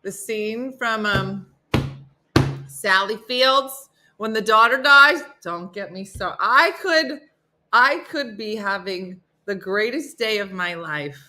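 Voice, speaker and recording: Chatty, bright-voiced woman host. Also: medium pitch. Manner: chatty and jokey, talks to her dogs and to commenters. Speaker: host of a morning live stream. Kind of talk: casual live-stream chat reading viewer comments.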